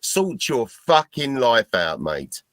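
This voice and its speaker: A man's voice: mid-range voice, wildly swooping pitch, slow pace, fairly bright tone, no echo, rough recording. A drunk man, swearing crudely on a stream panel. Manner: crude, insulting, heavy swearing.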